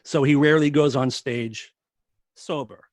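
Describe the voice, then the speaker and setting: A man guesting on a podcast, telling a story in casual chat, animated and laughing often. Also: medium pitch, measured pace, no echo. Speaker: podcast guest, former tour crew member.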